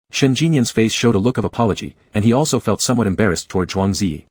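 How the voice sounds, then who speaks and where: A man narrating a romance comic story in an even, measured way. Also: mid-range voice, slightly rough, dry recording. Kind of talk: scripted audiobook narration.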